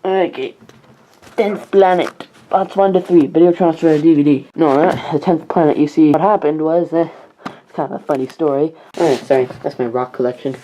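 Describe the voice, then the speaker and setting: A teenage girl talks through a casual home vlog review, her voice low and mellow. She rambles on in a chatty way and keeps breaking off to talk to the camera. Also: normal speed, a little hiss or hum, poor audio. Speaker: YouTuber reviewing DVDs.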